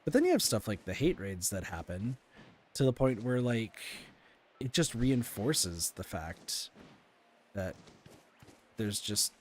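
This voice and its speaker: Rambling, animated man venting on stream. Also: fairly low pitch, slow, long pauses, slight background noise. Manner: rambling and candid, full of fillers and restarts, venting. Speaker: game streamer. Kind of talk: casual stream chat while playing.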